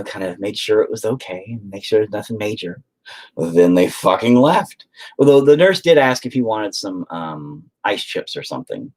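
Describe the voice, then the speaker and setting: A man's voice: lowish voice, a little mellow. A man hosting a casual stream, telling a story to viewers in a rambling way and swearing freely. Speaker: stream host chatting with viewers.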